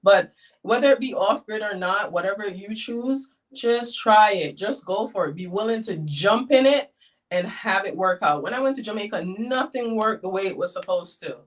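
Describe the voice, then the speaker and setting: A middle-aged woman from the United States, a guest in a casual interview, telling her story with lively acted-out quotes. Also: medium pitch, normal speed, far from the mic. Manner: animated storyteller, acts out quotes.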